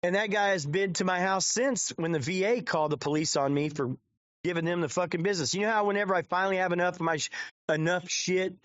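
A man with a slightly high voice rambles through profane live-stream commentary. The recording is dry and a bit dull, like a cheap mic in a dead room. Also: quick pace, fairly bright tone, no echo. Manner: crude, rambling, swears constantly.

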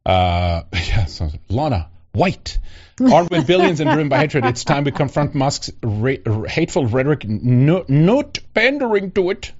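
A man's voice: fairly high pitch, very animated, moderate pace. A man hosting a podcast in a casual, rambling, sarcastic way, often laughing. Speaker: podcast host. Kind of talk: casual opinionated chat. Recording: dull lo-fi podcast audio.

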